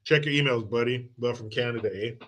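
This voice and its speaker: On his live political commentary stream, this man talks fast in a medium-pitched, slightly bright voice. He's profane and sarcastic, reading the chat aloud, joking around, and slipping into movie quotes.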